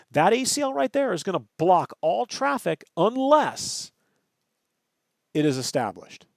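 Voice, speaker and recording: Brief animated male lecturer who checks himself and leans on key words, close dry mic. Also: on the high side, no room sound. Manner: thinks aloud, self-correcting, stresses terms, asks "right?". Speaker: networking instructor. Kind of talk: screen-recorded lecture.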